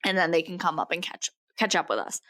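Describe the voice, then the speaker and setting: A woman's voice: fairly low pitch, big pitch swings, fast, sharp tone. A young woman co-hosting a podcast, telling a story in a loose, jokey way and laughing often. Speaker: podcast co-host. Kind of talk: casual storytelling chat.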